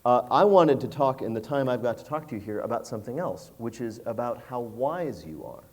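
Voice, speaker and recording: A man's voice: mid-range voice, animated, a little fast, darkish tone. A man interviewing a guest on stage, asking questions in a wry, teasing way. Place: stage before a live audience.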